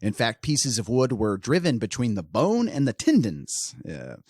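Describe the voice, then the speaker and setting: A man co-hosting a casual true-crime podcast, joking and laughing as he tells a grim story. His pitch swings widely, and the mic sound is dry and close. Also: moderate pace, slightly rough, dry recording. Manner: joking and laughing often, animated. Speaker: podcast co-host.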